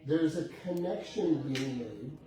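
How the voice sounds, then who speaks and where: A man's voice: on the high side, lively intonation, slow, crowd noise. A middle-aged man coaching a class on real estate, telling a client story and acting out both sides of the conversation. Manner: acts out both sides of a sales conversation, laughing often. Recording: echoey room with faint background noise, heard from a distance.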